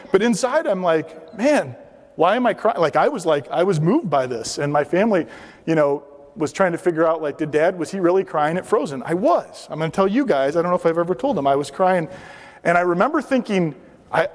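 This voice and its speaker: A middle-aged man with a slightly raised voice gives a storytelling lecture. He talks in a chatty, self-deprecating way and acts out the dialogue he quotes. His voice rings with the long reverb of a lecture hall. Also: on the high side. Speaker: guest lecturer.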